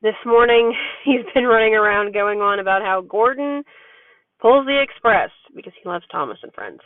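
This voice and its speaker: A parent vlogger, a woman, talks frankly and chattily in a rambling personal vlog monologue about life as a parent. Her medium-pitched voice is expressive and at normal speed. The sound is tinny, phone-like and dry, with no room sound.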